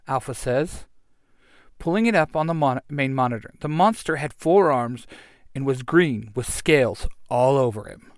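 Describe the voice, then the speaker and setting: A man narrating an action adventure story in a lively, animated reading. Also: medium pitch, a little slow, no room sound, clean studio sound.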